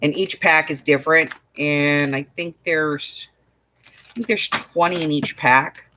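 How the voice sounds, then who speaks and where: A woman's voice: low-pitched, fairly even intonation, a little slow, bright, forceful tone, a little hiss or hum. A woman running a craft shop, telling a story in casual chat, with exasperated asides. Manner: chatty storytelling, exasperated asides, laughs often.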